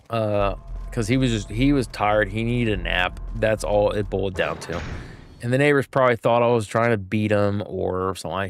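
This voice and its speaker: A young man streaming games, chatting casually and acting out voices as he tells a story. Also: mid-range voice. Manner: chatty, animated, acts out voices in anecdotes.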